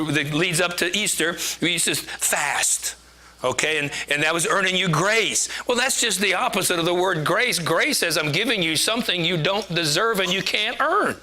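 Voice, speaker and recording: A man's voice: fairly high pitch, bright, forceful tone. A man giving a conversational sermon, chatty and joking, laughing at himself as he preaches.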